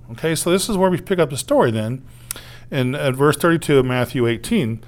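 A man's voice: mid-range voice, expressive, quick pace. Man preaching a casual sermon. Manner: conversational preaching, acts out quoted voices, tag questions. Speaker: pastor.

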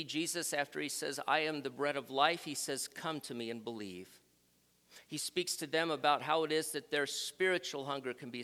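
A man preaching a sermon, reading scripture aloud in a measured, emphatic way. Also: medium pitch, a bit bright, big-room sound.

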